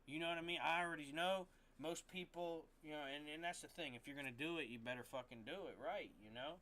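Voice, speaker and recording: A man's voice: fairly high pitch, fast talker, bright, forceful tone. Rambling, frustrated male streamer. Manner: rambling, frustrated, swears often, restarts sentences. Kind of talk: casual rant to stream chat.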